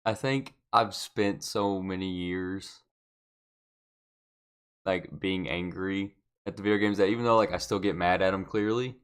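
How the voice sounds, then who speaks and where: A man's voice: sits low, steady tone, unhurried, clear, resonant tone. A man in a casual podcast chat. He is laid-back and hesitant and fills his talk with "like".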